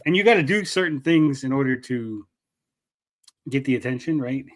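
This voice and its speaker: A man's voice: medium pitch, expressive, normal speed. Man, casual podcast co-host, blunt jokey delivery. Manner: laid-back, joking, blunt. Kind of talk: casual chat.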